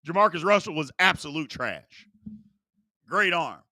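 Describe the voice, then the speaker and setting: A chatty man in his forties runs a live sports talk show, reading viewer questions and riffing on them. His voice sits high and sounds very bright and sharp. The sound is dry, with almost no room around it. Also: unhurried, no echo. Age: 40s. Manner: animated, chatty, reads viewer questions aloud.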